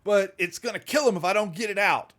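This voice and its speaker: A man's voice: a little high, big pitch swings, a little slow, a bit bright, voice pushed up, heavily acted. A man doing a frightened, shaking doctor. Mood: pleading. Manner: shaky, pleading, desperate. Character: frightened male doctor guarding a patient.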